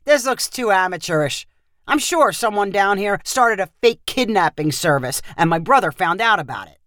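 A woman's voice: mid-range voice, lively intonation, moderate pace, a bit bright, no room sound, clean studio sound, lightly acted. A woman voicing a cocky young American man in a storybook reading, breezy and joking.

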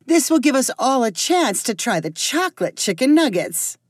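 A woman voicing an eager hostess who smooths over awkward moments and loves gossip. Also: high-pitched, big pitch swings, moderate pace, no room sound, clean studio sound, voice pushed up, full character voice. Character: fussy hostess woman, nosy and peacemaking.

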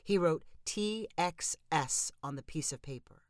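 A woman narrating a storybook in a steady, even reading. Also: low voice, measured pace, no room sound, clean studio sound.

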